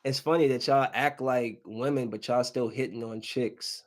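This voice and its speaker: A man hosting a podcast, delivering a comedic monologue that swings between loud outbursts and low, muttered asides. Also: fairly even intonation, normal speed. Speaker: podcast host.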